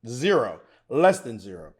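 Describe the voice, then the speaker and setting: Lively, excitable man explaining chess. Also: mid-range voice, a little slow, husky. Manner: excitable, theatrical, talks straight to the viewer. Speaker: chess grandmaster teaching. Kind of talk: animated chess commentary.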